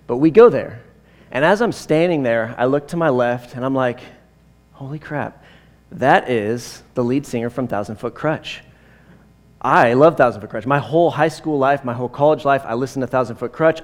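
A man's voice: mid-range voice, a little fast. A man in his forties preaching a sermon in a conversational, rambling way, with many fillers and side stories. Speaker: pastor.

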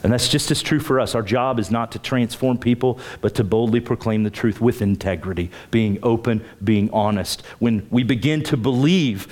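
A man's voice: normal speed, few pauses, darkish tone. Emphatic man preaching a sermon. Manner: emphatic, rising pitch on key points, repeats words when starting phrases. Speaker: pastor.

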